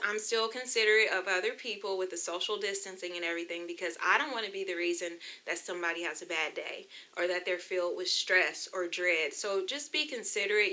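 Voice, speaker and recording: A woman's voice: medium pitch, pushed and bright. A young adult woman from the United States telling her own story in a chatty, emotional vlog, talking straight to her viewers. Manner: emotional, chatty, addresses viewers as you guys. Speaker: vlogger. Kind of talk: personal testimony vlog.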